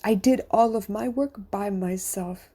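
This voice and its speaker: A woman's voice: mid-range voice, a little slow, warm tone. A middle-aged woman, a coach and podcast host, speaking in an earnest, confessional monologue that sometimes drops to a whisper.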